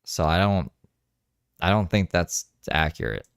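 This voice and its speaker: A man talks over a livestream in a loose, gossipy way, swearing freely and firing off quick asides. His voice sits low and sounds smooth and resonant. The recording is dry and close, with no room sound. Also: animated, no room sound. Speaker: commentary host. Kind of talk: casual commentary over a livestream.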